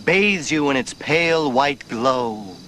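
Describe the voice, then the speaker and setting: A theatrical scene-setting narrator. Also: male voice, medium pitch, animated, slow, bright, forceful tone, a little hiss or hum.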